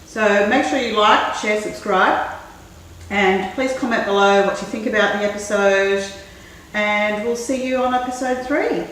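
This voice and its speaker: A woman hosting a cooking show, chatting in a relaxed way and thinking aloud as she works. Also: medium pitch, a little slow. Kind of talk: casual cooking demonstration. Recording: very echoey room, mic far off, faint noise.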